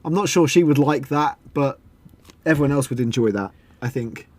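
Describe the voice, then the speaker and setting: A man's voice: medium pitch, normal speed, darkish tone. A man hosting a podcast, chatting casually, swearing a lot and mimicking voices as he rants. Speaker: podcast host.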